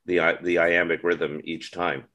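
A man's voice: low-pitched, flat delivery, a little slow, bright, forceful tone. A man in a casual literary discussion on a podcast, thinking aloud with frequent restarts and asides.

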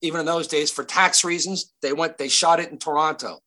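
Bright, animated male actor storyteller. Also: fairly high pitch, fairly quick. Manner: animated, many restarts and fillers. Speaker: actor guest. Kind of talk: casual interview storytelling.

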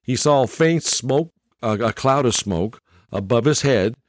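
A man's voice: medium pitch, animated, a little slow, no room sound, studio quality. A man in his sixties hosting a podcast, telling a story in a casual monologue, chuckling often and tagging his lines with "okay?". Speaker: podcast host.

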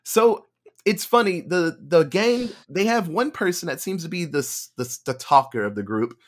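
Animated man retelling a movie plot. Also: on the high side, normal speed. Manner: animated retelling with acted-out quotes and laughter. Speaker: podcast co-host. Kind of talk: casual movie review chat.

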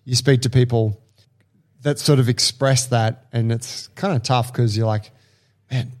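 A man's voice: mid-range voice, fairly even intonation, moderate pace. Male podcast co-host, casual, reflective, blunt joker.

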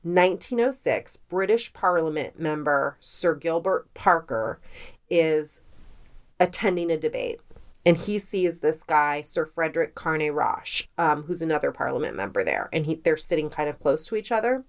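A woman co-hosting a podcast, telling spooky stories in a casual, animated way and acting out quotes. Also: sits low, normal speed. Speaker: podcast co-host. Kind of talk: casual storytelling chat.

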